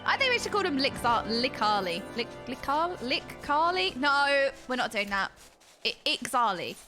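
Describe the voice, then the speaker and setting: With a very animated, high-sitting voice at a moderate pace, a young game streamer giggles and chats with viewers. She's bubbly and chatty, responding to chat casually as background music plays.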